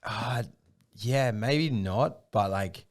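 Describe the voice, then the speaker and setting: A man's voice: on the low side, extremely slow. A young man from Australia hosting a casual podcast chat, teasing and swearing in slang. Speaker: podcast host. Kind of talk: casual banter.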